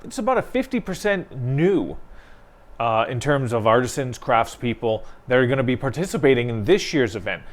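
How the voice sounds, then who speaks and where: A man's voice: mid-range voice, big pitch swings, normal speed. A man co-hosting a local newspaper talk show, telling stories in a chatty way and laughing often. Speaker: newspaper co-host. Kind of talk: casual chat.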